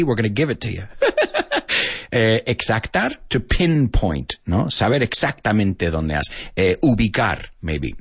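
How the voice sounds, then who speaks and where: Male live-stream teacher, husky voice, animated intonation, chatty and prone to laughter. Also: mid-range voice. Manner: lively, chatty, laughs often, switches between two languages. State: parent of a young daughter. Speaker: language teacher. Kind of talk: live lesson reading viewer comments.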